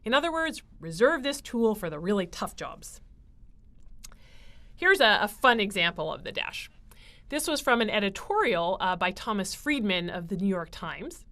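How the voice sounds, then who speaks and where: A woman giving a writing lecture, explaining clearly with frequent fillers. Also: medium pitch, a bit bright. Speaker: writing instructor.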